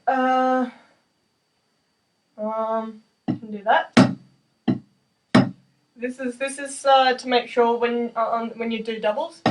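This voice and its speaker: A young adult woman, a percussion student, speaks in a fairly high voice while casually demonstrating snare exercises in a practice room. She's chatty and self-deprecating with many fillers, recorded on a distant mic with drumming and background noise behind her.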